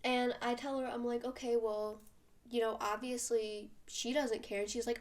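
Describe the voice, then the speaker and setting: A teenage girl venting through a storytime vlog, her voice sitting a little high. She talks in an animated rush, packed with fillers. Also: moderate pace. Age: teens. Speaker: vlogger.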